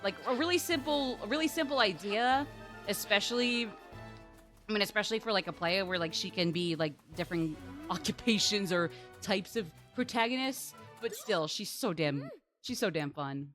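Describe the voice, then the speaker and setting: A woman's voice: medium pitch, expressive, moderate pace, fairly bright tone, soft background music. A woman streamer giving casual, rambling gameplay commentary, full of "like" and playful swearing.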